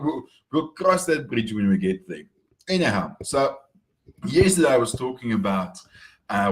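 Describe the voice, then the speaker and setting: A man talking casually in an upbeat morning vlog, repeating words as he goes. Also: on the low side. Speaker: marketing vlogger.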